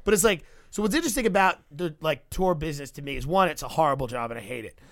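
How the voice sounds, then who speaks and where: A man's voice: a little high, expressive, rapid-fire, no room sound, clean studio sound. A young man, rambling through comic stories on a podcast and mocking the people he talks about. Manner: rambling storyteller, acts out tourists in mocking voices. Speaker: podcast guest. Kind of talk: casual comedic chat.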